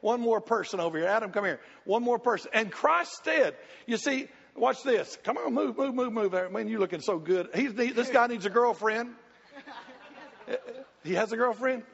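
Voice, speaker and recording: High-voiced preacher in a hall. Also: male voice, moderate pace, creaky, husky. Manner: folksy, joking, pleading. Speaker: pastor. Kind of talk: sermon with congregation volunteers. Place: church sanctuary. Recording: muffled church hall reverb.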